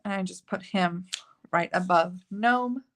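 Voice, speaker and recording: Leading a live card-making session, she's chatty and effusive, leaning on lots of filler words. Her voice is fairly low and her delivery unhurried.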